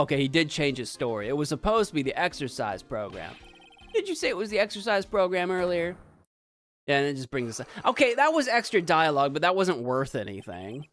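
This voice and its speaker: A man streaming a game, giving playful, animated commentary and bantering with his chat. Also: a little high, fairly quick, soft background music. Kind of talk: let's play commentary.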